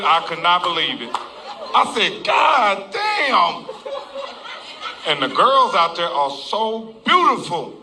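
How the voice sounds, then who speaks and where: Man, comic storyteller, slightly high voice, profane, laughing. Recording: noisy recording.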